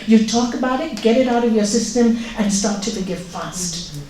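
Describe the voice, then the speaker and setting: A woman with a fairly high voice gives an informal spiritual talk in a yoga centre room. She speaks earnestly and directly, and often asks the audience questions. She is recorded by a distant room mic, so her voice sounds roomy with faint noise behind it. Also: normal speed, a little mellow. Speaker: spiritual teacher.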